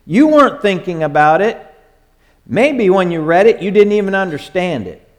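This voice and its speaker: Preaching to his congregation, this older man falls into a repeating rhythm where each phrase drops quiet and low as it closes. His jokes with the listeners come out animated and poke fun at himself.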